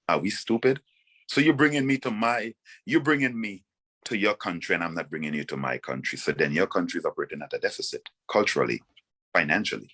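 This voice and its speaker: A Vincentian man with a very low, deep voice. He speaks with force and conviction, stacking up rhetorical questions as an interview guest. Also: fairly bright tone, breathy edge. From Saint Vincent and the Grenadines. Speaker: reggae artist guest. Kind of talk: passionate interview talk.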